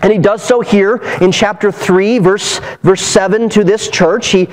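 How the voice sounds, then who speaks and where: A man delivers a sermon from the pulpit, his voice sitting noticeably high for a man. He preaches earnestly and with emphasis, stacking repeated phrases to drive each point home. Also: steady tone, unhurried, poor audio. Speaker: pastor. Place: church sanctuary.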